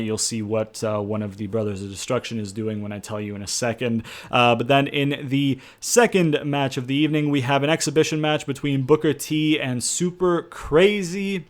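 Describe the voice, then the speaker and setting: A young man casually narrating storylines for his game-mode series, rambling with lots of fillers and the odd curse. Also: medium pitch. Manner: rambling, filler-heavy, profane. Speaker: video game channel host.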